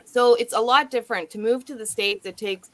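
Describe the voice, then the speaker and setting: A woman's voice: on the high side, a little fast, a bit bright, rough recording. A woman from Canada hosting a livestream, telling stories in casual chat. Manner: chatty storyteller. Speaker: livestream host.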